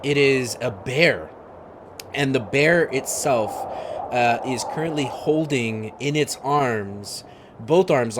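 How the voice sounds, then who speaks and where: A man narrating a tabletop game as game master, halting with many fillers. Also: medium pitch. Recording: noisy stream audio.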